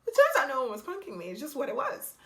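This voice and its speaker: A young woman vlogger telling a casual storytime, animated and exasperated, blunt and quick to swear. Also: high voice.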